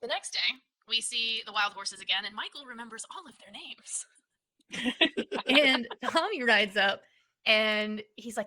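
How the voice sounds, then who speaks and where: A woman's voice: a little high, expressive, measured pace, bright, forceful tone, poor audio. A woman co-hosting a podcast, recapping a film's plot in casual chat and mimicking the characters. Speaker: podcast co-host.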